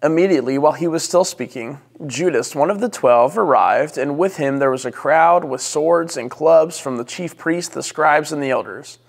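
A man's voice: a little high, vocal fry. Male pastor, solemn scripture reading and prayer, long hall reverb. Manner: slow, solemn, measured reading. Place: church sanctuary.

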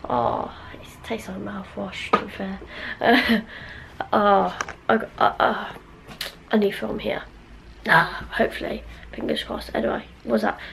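A woman's voice: medium pitch, gravelly. A young woman, chatting casually and unsurely to her camera in a vlog, often trailing off. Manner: rambling, unsure, sighing and muttering. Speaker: vlogger. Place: at home indoors, then outdoors walking to a supermarket. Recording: noisy handheld vlog recording.

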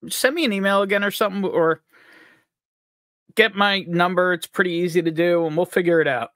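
A man's voice: high-pitched, a little fast, bright, forceful tone, no room sound, studio quality. A man from upstate New York hosting a live stream, upbeat and jokey as he greets viewers by name. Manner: upbeat, jokey, reads out chat names. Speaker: livestream host.

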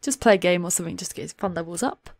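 A woman's voice: lowish voice, rapid-fire, gravelly, no room sound, studio quality. A woman hosting a let's play, chatting through the game and gasping and giggling at the drama. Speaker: gaming channel host. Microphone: desktop USB microphone.

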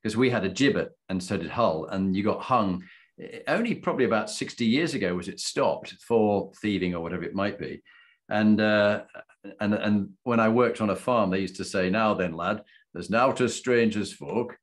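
A middle-aged man hosts an interview in a low voice. He talks conversationally and drifts into anecdotes and old folk sayings before he asks his questions. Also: moderate pace. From Halifax, Yorkshire. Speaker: podcast host.

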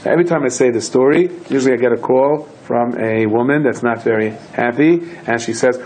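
A man's voice: medium pitch, fairly quick, few pauses, poor audio. A man, a rabbi, telling stories in a Torah lecture, acting out his characters' lines. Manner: animated storyteller who acts out voices and shouts in quoted lines.

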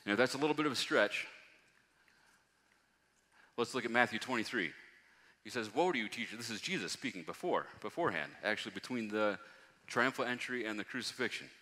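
A man preaching a sermon, reading scripture aloud and rising to loud, emphatic passages. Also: lowish voice, lively intonation, a little fast, long pauses. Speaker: pastor. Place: church hall. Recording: long hall reverb.

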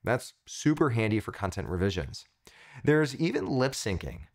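Lively, upbeat male tech tutorial host. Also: fairly low pitch, normal speed. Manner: enthusiastic, punchy short phrases. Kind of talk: upbeat scripted product review.

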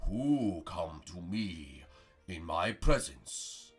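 A guy putting on a deep pompous old mystic master. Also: very animated, very slow, husky, faint music behind, exaggerated voice. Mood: solemn. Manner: grandiose, archaic speech. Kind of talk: plush or Minecraft role-play comedy.

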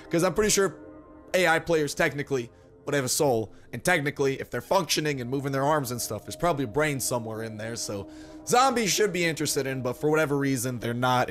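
Young guy gaming youtuber, voice kinda hoarse, chatty and sarcastic, bit of game music low in the back. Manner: chatty, upbeat, sarcastic asides. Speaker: gaming channel host. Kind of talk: casual gameplay commentary.

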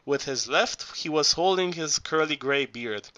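A man narrating an audiobook in a halting reading voice, often stumbling and restarting words. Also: on the high side, lively intonation, bright, forceful tone.

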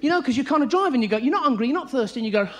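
Manic British comic, squeaky and frantic. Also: male voice, expressive, rapid-fire. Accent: British English. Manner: manic, breathless delivery with frequent laughs and sudden high squeaky voices. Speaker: stand-up comedian. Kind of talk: live stand-up routine. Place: theatre stage before a live audience. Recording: live show recording, audience noise.

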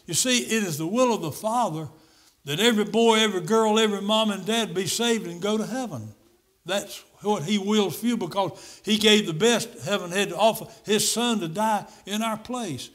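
A man with a notably high voice preaches at a church service. He speaks emphatically and drives his points home by repeating key phrases. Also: normal speed, fairly bright tone. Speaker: pastor. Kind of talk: sermon.

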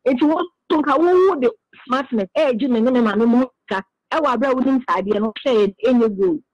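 A woman's voice: fairly high pitch, brisk, darkish tone, no room sound, muffled recording. A woman being interviewed on the radio, earnestly explaining her side at length.

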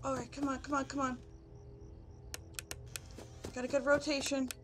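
A woman's voice: high voice, level tone, normal speed, over music. A woman doing horror game commentary, jittery and swearing constantly as she pleads with the game. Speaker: gaming youtuber.

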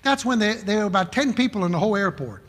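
Man, preacher, high bright voice, storytelling sermon, reverberant church hall. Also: fast. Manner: animated storytelling, acts out quoted people. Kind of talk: sermon with anecdotes.

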